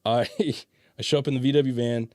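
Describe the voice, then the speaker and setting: A man's voice: medium pitch, fairly even intonation, a little fast, darkish tone, no echo. Guy hosting a podcast, swears a lot, rambly and loose, dry close sound. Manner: swears freely, rambling storyteller with laughs. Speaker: podcast host. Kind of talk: casual chat.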